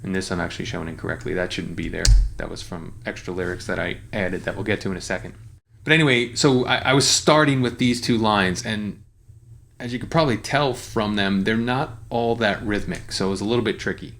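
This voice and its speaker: A man teaching lyric writing in a relaxed, explanatory way, with frequent fillers and restarts. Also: lowish voice, fairly quick, vocal fry. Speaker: songwriting teacher. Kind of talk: casual screen-share tutorial.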